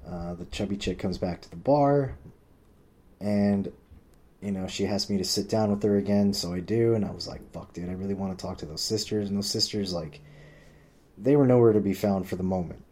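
A man with a dark voice, speaking at a moderate pace, rambles through a personal story in casual conversation. He swears a lot, says "like" constantly, and acts out what other people said with jumps in pitch.

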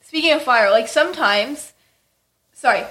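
A woman's voice: high voice, expressive, unhurried, fairly bright tone. A woman chatting casually about a film with her co-host, teasing him and often checking in with "right?". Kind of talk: casual chat.

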